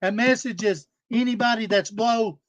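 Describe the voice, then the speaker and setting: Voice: medium pitch, moderate pace, dry recording. Aggravated, profane ranter. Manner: aggravated, profane, repetitive scolding. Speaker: live stream panel host. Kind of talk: angry livestream rant.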